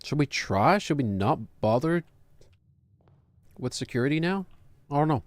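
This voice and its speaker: A man's voice: on the high side, animated, measured pace, no room sound. A middle-aged man, hosting a casual gaming stream in a chatty, rambling way. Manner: chatty, rambling, upbeat greetings. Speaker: streamer host.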